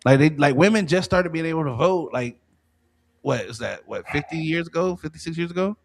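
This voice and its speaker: A man's voice: fairly high pitch, animated, brisk, a little hiss or hum. A man co-hosting a podcast in casual chat, ranting emphatically with rising rhetorical questions. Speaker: podcast co-host.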